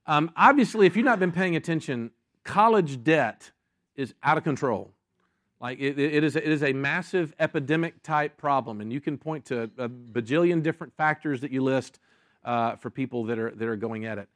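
A man preaching a sermon to a congregation, animated and acting out story voices, restarting his sentences often. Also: mid-range voice, moderate pace, dry recording, studio quality. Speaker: pastor. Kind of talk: sermon with audience Q&A.

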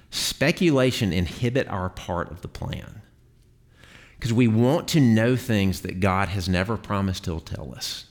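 A man teaching a Bible class to a group in a classroom, talking casually with filler words and restarts. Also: on the low side.

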